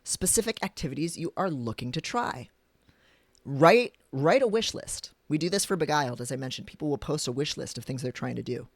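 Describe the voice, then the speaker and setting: Guy with a kinda high voice reading his book out on stream, blunt, wanders into chatty side stories, super dry close mic. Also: animated, brisk, gravelly, dry recording. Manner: frank and blunt, breaking into chatty personal tangents. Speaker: livestreamer discussing his book. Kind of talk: reading aloud with casual asides on a livestream. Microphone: desk mic for a live stream.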